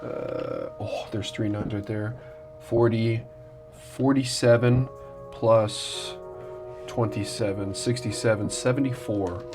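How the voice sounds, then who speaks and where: A man playing a tabletop game, casually counting his dice rolls out loud. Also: fairly low pitch, slow, soft background music. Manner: tallying dice rolls aloud in a relaxed way. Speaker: player.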